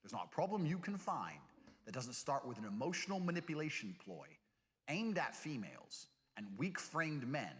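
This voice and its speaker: A brash man rants at the listener in a high, bright, swooping voice, profane and mocking as he lectures. His recording comes from a played video clip in a reverberant space, with a long echo and faint noise underneath. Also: big pitch swings, moderate pace. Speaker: online personality in a played video. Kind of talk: ranting monologue.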